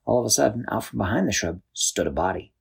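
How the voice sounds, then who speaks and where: Breathy guy making up a bedtime story, voice bounces all over, loose and chatty. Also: on the low side, fast talker. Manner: animated, loose, with restarts. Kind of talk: improvised bedtime story narration.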